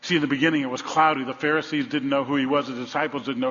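Guy preaching a sermon, big swings from loud to quiet, echoey church, kinda muffled. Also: mid-range voice, steady tone, quick pace, hardly any pauses. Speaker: pastor. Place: large church sanctuary. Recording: dull sound, long hall reverb.

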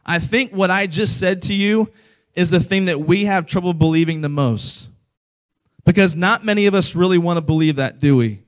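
A man's voice: high-pitched, normal speed. A man in his thirties preaching a sermon to a congregation, conversational and telling stories with quoted dialogue. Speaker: pastor.

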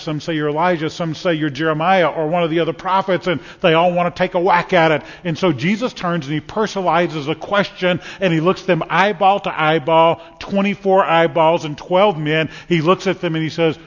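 A man preaches a sermon with a slightly raised pitch for his sex, folksy and full of stories and sports comparisons. His voice rings with the long reverb of a church hall. The sound comes through a bit dull and muffled. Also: quick pace, few pauses. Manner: folksy, storytelling preacher with repeated words and sports analogies. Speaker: pastor.

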